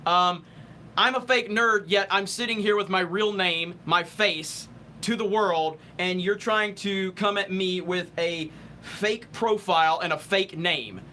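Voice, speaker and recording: High, bright-voiced ranting male streamer. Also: measured pace, a little hiss or hum. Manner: heated, ranting, profane; stumbling restarts when thinking. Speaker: live stream host. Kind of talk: casual live stream chat reading super chats.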